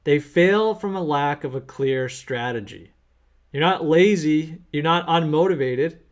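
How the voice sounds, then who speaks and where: A man's voice: a little high, a little slow. A man who works as an accountant, teaching small business owners through an earnest, plain-spoken story. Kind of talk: storytelling lesson.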